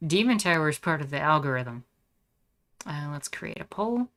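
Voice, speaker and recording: Wry low-voiced woman streamer. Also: very animated, normal speed, fairly bright tone. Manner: wry, joking asides. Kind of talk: casual game-stream commentary.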